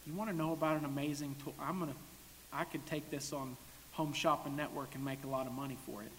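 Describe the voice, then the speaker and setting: A man preaching a conversational sermon to a congregation, moving between quiet asides and loud emphatic declarations. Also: fairly high pitch, fairly even intonation, fast talker. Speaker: pastor. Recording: long hall reverb, faint hiss.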